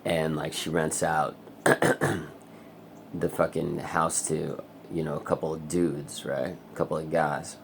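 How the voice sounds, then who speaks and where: Deep gravelly-voiced guy ranting mad on his vlog, lots of swearing. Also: little pitch movement, slow, a little hiss or hum. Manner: angry, profane ranting. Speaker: vlogger. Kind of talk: vlog rant.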